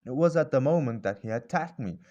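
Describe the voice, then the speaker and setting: A man narrating a classic novel as an audiobook in measured storytelling. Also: medium pitch, expressive, warm tone, lo-fi sound. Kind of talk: scripted narration.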